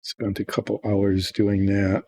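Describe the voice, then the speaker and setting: A man's voice: on the low side, completely flat delivery, a little slow, darkish tone, no echo. An older man hosting a miniature painting video, chatting casually and thinking aloud in a meandering, self-deprecating way. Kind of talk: casual rambling chat while painting.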